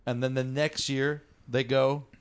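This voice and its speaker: A man's voice: medium pitch, little pitch movement, a little slow, clear, resonant tone. A man hosting a podcast, talking through a story in a loose, rambling way with plenty of swearing. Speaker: podcast host. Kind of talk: casual chat.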